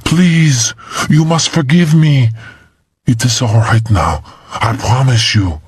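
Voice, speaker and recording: A man voicing a young Frenchwoman with a French accent, affectionate and insistent, breathy and pleading. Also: mid-range voice, takes it slowly, no room sound, studio quality. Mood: soothing. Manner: breathy and pleading, drops to a whisper.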